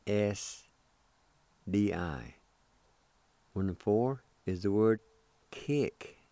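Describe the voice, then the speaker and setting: A man's voice: lowish voice, lively intonation, drawn-out words, dark tone, dry recording. A man hosting a radio language lesson, patiently spelling words out letter by letter and repeating them. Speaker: radio host teaching Cherokee.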